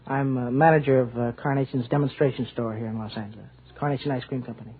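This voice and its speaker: A man who is a contestant on a radio quiz show, giving soft-spoken, halting answers. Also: medium pitch, fairly even intonation, breathy edge. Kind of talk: unscripted interview answers. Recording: tinny old radio broadcast with faint audience.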